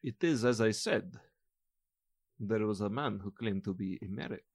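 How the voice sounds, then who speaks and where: A man's voice: on the low side, darkish tone, breathy edge, dry recording, clean studio sound. A man voicing a solemn male wanderer who speaks formally and carefully in a tabletop game. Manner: formal, measured, no contractions.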